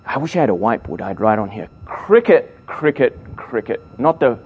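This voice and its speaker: A man's voice: lowish voice, sing-song, fast talker, slightly rough, phone-quality sound. A middle-aged man preaching to young people in a playful, emphatic way, joking with his listeners. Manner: playful, jokes with the audience, emphatic build-ups. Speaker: speaker at a youth gathering.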